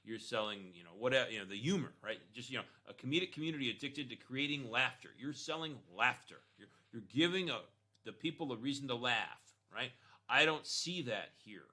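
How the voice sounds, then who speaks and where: A man's voice: medium pitch, expressive, fairly quick, sharp tone. A man talking casually while reviewing an online store, with frequent "right?" and "you know" and punchy emphasis. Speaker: e-commerce store consultant.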